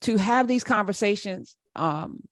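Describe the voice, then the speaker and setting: A woman's voice: mid-range voice, lively intonation, unhurried, dry recording, clean studio sound. A woman hosting a talk radio show, speaking in a conversational, reflective way.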